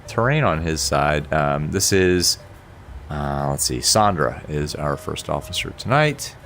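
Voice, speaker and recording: A man with a very low, gravelly voice that sounds croaky and under the weather. His delivery swings lively up and down as he chats on stream, chuckling and walking through switch checks. Faint music sits in the background. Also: a little slow. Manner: chatty, laughs often, narrates cockpit checks. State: sick, hoarse. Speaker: flight sim streamer. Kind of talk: casual live-stream chat.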